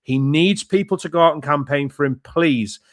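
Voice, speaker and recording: A man's voice: fairly high pitch, normal speed, dry recording, clean studio sound. A man co-hosting a political podcast, speaking in an enthusiastic, rallying way. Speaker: podcast co-host.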